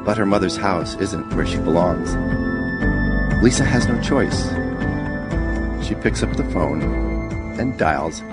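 A man narrating a short story in a measured, even reading. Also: sits low, loud music behind the voice. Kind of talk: scripted narration.

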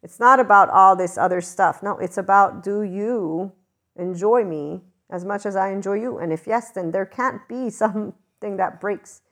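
A woman's voice: mid-range voice, normal speed, fairly bright tone. A woman giving a blunt, passionate spiritual monologue in a casual, unscripted way, swearing freely. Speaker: spiritual commentator.

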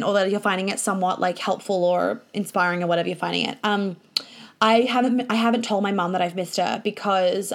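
A young woman telling a personal story in a casual confessional vlog, chatty and swearing freely. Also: mid-range voice. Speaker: vlogger and coach.

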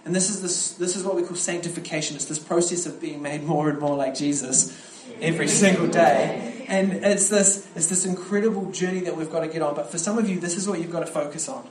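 A young man preaching a camp sermon to young people, animated and storytelling, with frequent restarts. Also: a little high, fairly quick, few pauses, a little hiss or hum. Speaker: youth pastor preaching at a camp. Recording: echoey hall with faint ambience.

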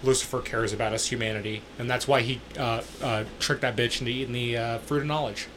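A man's voice: medium pitch, steady tone, fast talker, noisy background. A man hosting a podcast in casual chat, joking crudely and swearing a lot. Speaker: podcast host.

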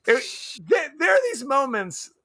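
A man's voice: very high voice, measured pace. A man co-hosting a podcast, chatting casually about a movie, laughing often and acting out lines of dialogue. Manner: animated, laughs often, acts out quotes. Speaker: podcast co-host. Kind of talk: casual movie review chat.

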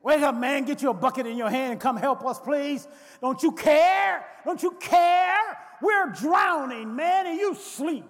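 A man voicing a panicked male disciple who pleads and shouts in a storm, recorded with long church reverb. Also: very high voice, animated, a little slow, exaggerated voice. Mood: desperate pleading.

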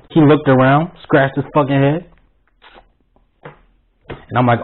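A young man telling a work story on his channel, blunt and animated, swearing constantly. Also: mid-range voice, brisk, breathy edge. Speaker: vlogger. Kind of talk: profane storytime rant. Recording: tinny lo-fi phone-like sound.

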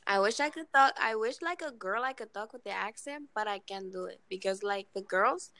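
A woman's voice: mid-range voice, lively intonation, a little fast, pushed and bright, no room sound. A woman in casual conversation, talking hesitantly and laughing at herself. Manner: self-deprecating, hesitant restarts. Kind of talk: casual chat.

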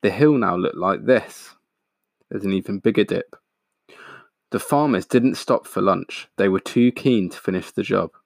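A man reading a picture book aloud in a steady, expressive way, pointing out the pictures. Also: fairly low pitch, a little slow, vocal fry, no room sound, clean studio sound. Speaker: storyteller.

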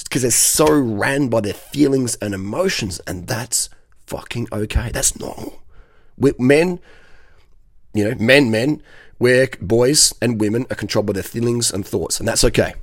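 Husky, blunt man giving dating advice. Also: mid-range voice, dry recording. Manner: rambling, swears freely, keeps checking in with "okay?". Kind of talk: blunt profane monologue.

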